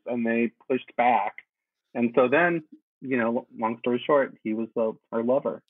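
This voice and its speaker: A man chatting as a guest, animated and laughing, with lots of "like" in his speech. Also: medium pitch, normal speed, no room sound. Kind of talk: casual podcast chat. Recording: tinny phone-like line.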